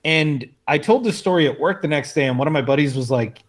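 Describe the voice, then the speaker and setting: A man in relaxed conversation, spinning a crude anecdote with plenty of swearing and easy laughter. His voice sits at an ordinary middle pitch, and his delivery is loose and unhurried. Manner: profane, laid-back storytelling with laughs. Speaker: podcast co-host telling a story. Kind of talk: casual chat.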